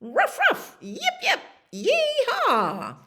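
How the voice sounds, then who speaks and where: An eager, bouncy young cattle dog, as a woman puts him on for a storybook. He yelps in a high, yappy voice that leaps about. The delivery is unhurried between outbursts. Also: wildly swooping pitch, fairly bright tone, exaggerated voice. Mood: excited barking. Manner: high yipping barks.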